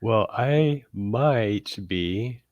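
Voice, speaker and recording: A man's voice: fairly low pitch, expressive, extremely slow, darkish tone, dry recording, dull audio. A man in a casual podcast chat, laid-back, with chuckling asides.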